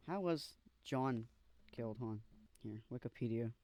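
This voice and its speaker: A man's voice: mid-range voice, unhurried, a little mellow, no room sound. A young man reacting casually as he reads aloud, using slang and swearing, stumbling over words as he goes. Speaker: vlogger.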